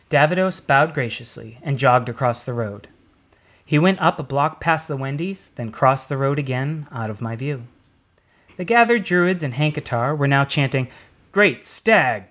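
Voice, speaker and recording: A man narrating a story in a plain, even storytelling delivery. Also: on the high side.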